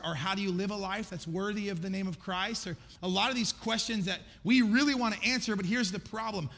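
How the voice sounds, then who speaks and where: Preaching in a big church auditorium, this middle-aged pastor has a high, creaky voice with a fairly bright tone. He keeps things conversational, poking fun at himself as he acts out his wandering prayers. Reverb from the hall echoes through the recording.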